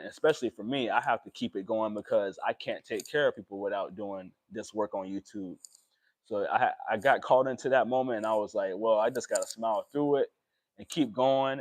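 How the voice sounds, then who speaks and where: A young man, talking emotionally and haltingly in a personal vlog, with many pauses and fillers. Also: mid-range voice. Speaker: vlogger.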